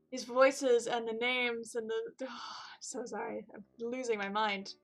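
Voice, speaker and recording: A woman's voice: on the high side, steady tone, measured pace, soft background music. A woman giving casual, chatty and self-deprecating commentary as she plays a video game. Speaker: let's play gamer.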